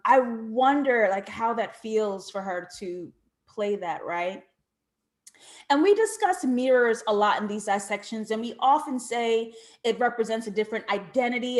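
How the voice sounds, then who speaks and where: An American woman reviews a TV drama from her home setup, her voice sitting a little high. She moves between thoughtful questions and sudden playful outbursts. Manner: expressive, with sudden playful shrieks and asides; reflective and questioning. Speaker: TV show reviewer. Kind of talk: animated video review commentary.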